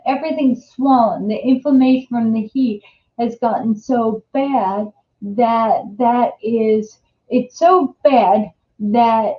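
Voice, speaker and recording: Older woman, New Jersey accent, chatty and rambling, slow pace, echoey dull recording. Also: a little high. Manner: rambling, chatty, many restarts and fillers. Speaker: host. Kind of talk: casual live-stream chat. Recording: echoey room, dull lo-fi sound.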